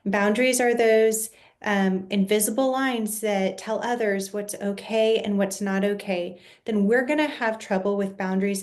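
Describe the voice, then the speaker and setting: Woman counselor talking parents through boundaries, calm and steady, medium pitch, restarts a word now and then. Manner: calm, measured explaining with occasional restarts. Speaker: child and family counselor. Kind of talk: educational parenting video.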